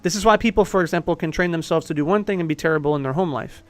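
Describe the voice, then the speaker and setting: A man's voice: a little high, rapid-fire, soft background music. A man talking as a life coach in a casual monologue, blunt and swearing, often laughing as he makes his points. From Italian heritage.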